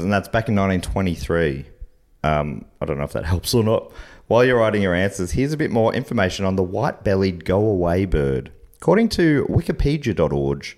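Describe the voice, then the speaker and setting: Australian male quiz host, low voice with lots of swing, jokey reader. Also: darkish tone. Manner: playful, reads facts aloud then riffs and laughs. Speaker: game show host. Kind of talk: comedy podcast quizmaster, reading questions.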